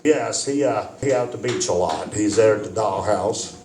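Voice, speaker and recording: A man's voice: lowish voice, normal speed. A man telling a crude anecdote to a live audience, rambling and laughing at his own jokes. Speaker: storyteller at open mic. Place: live comedy venue. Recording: echoey venue, distant mic, crowd noise.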